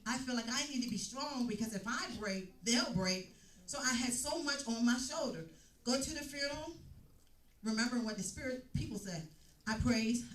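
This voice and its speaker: A woman giving an emotional church testimony, telling her story with repeated phrases. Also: on the high side. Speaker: testimony speaker. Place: church hall. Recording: echoey room, mic at a distance.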